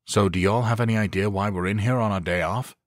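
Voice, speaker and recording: A man voicing a calm, analytical SWAT officer in an audiobook. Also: on the low side, quick pace, no room sound, clean studio sound, natural voice. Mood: focused. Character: focused male SWAT officer, observant.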